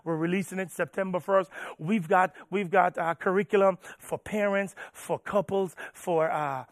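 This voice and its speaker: High-voiced preaching man, dry close sound. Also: fairly even intonation, normal speed, no room sound. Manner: preaching with swells from loud urging to hushed storytelling. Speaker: pastor. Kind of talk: sermon.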